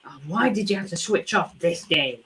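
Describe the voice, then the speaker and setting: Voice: mid-range voice, lively intonation, normal speed, pushed and bright, rough recording. A football fan hosting a live watchalong stream, ranting in frustration with many rhetorical questions and repeated points. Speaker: fan channel host.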